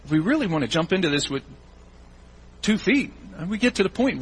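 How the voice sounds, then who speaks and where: A male pastor giving a sermon in a church, animated and acting out the voices of churchgoers in quick asides. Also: high-pitched, husky, rough recording.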